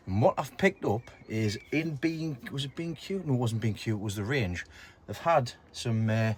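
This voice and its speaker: A man's voice: medium pitch, animated, moderate pace. Man, casual gardening vlog, chatty and self-deprecating, faint outdoor noise. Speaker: allotment vlogger.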